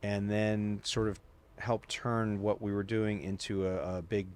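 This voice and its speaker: Smooth and on the low side, this man's voice keeps a measured pace. He's a guest on a podcast, an animated storyteller who rambles through long anecdotes in casual talk, peppered with "like" fillers and quoted voices.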